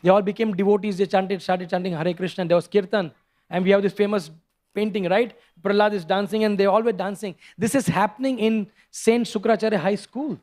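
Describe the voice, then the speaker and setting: Man, storytelling sermon, high voice, animated, halting restarts. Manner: animated, acts out characters, frequent restarts. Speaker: preacher giving a scripture class.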